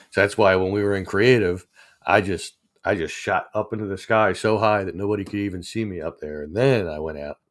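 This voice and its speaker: A man's voice: sits low, fairly even intonation, normal speed. A man, chatting casually with viewers on a livestream, rambling and chuckling as he reads the chat. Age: 40s. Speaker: livestream host.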